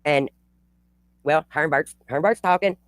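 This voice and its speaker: On a livestream, a female channel host tells a story in blunt, profane fashion, rambling and restarting as she goes. Her voice is deep, her pace moderate, and there's no echo.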